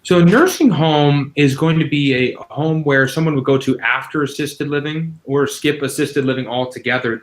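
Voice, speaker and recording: A man's voice: mid-range voice, a bit bright, rough recording. A man, a guest expert on senior living, answering interview questions in a casual, explanatory way with frequent "you know" fillers.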